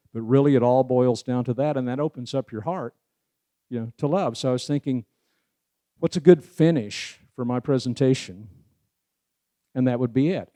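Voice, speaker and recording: A man's voice: mid-range voice, mellow, dry recording. A man giving a casual spiritual presentation, talking in a folksy way with wry asides and many "you know"s. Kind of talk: casual spoken lecture.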